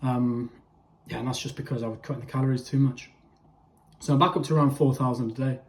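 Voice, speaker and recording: Chatty lad in echoey room. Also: male voice, medium pitch, fairly even intonation, fast. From England. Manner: chatty, addresses viewers as boys, frequent okay. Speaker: fitness vlogger. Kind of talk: casual vlog to camera.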